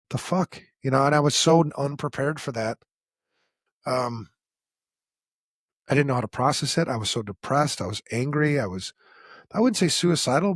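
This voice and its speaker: A middle-aged man tells his own story as a podcast host. His voice is husky and his delivery is blunt and casual, full of profanity. He acts out quoted dialogue as he talks, and the close mic gives a dry, intimate sound. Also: medium pitch, dry recording. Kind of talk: candid conversational storytelling.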